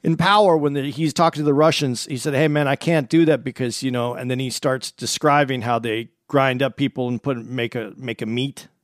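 A man's voice: mid-range voice, steady tone, brisk, few pauses, no echo, studio quality. A man chatting casually on a podcast, rambling and repeating words as he searches for them.

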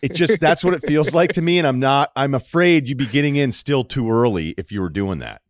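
A man's voice: mid-range voice, brisk, no echo. Dry-voiced man hosting a casual chat. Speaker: podcast host.

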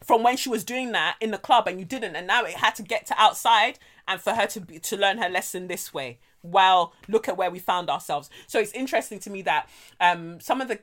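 A young woman chats on a podcast in a middle-pitched voice. She tells stories with energy and slang, swears freely and laughs often. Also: fairly quick. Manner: animated, laughing often, slangy, frank and profane. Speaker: podcast co-host. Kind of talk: casual chat, storytelling.

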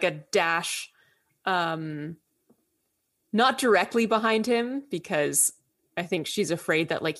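Low-voiced woman, a player in a tabletop game, giggly and rambling. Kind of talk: casual tabletop game play.

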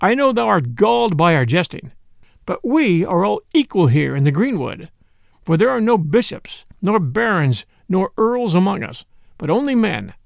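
A man's voice: high-pitched, sing-song, normal speed, vocal fry, no echo, studio quality, heavily acted. A man playing a jolly, mock-solemn outlaw chief. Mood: mock-grave. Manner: teasing and mock-grave.

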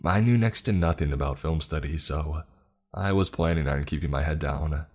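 Man reading a first-person story, super deep voice, steady and even, soft music playing under it. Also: normal speed.

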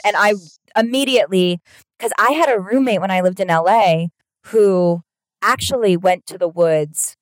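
A woman's voice: medium pitch, moderate pace, no echo. A woman in her thirties hosting a podcast, reflective in casual chat, telling stories with quoted dialogue.

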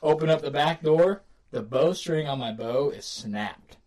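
A man casually telling a long, excited hunting story on a podcast, laughing often and getting animated. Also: on the high side, measured pace.

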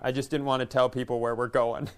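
A man co-hosts a casual podcast, spinning a meandering, self-mocking story. His voice is smooth and clear, pitched in an ordinary middle range. He drops in profanity with an easy, offhand delivery. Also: little pitch movement, fast. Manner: rambling, self-deprecating storyteller. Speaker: podcast co-host, comedian.

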